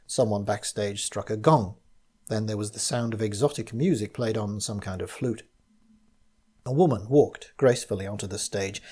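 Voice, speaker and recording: Guy reading his own spooky victorian mystery, husky mellow voice, steady measured pace. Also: medium pitch. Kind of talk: scripted first-person narration of a gothic mystery story.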